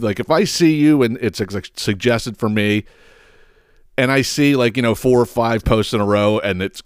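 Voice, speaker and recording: A lowish-voiced podcast host, middle-aged and from southeastern Pennsylvania, rants casually on his own. He spins meandering, profane tales punctuated by laughs and exasperation. The audio is dry with a clean studio sound.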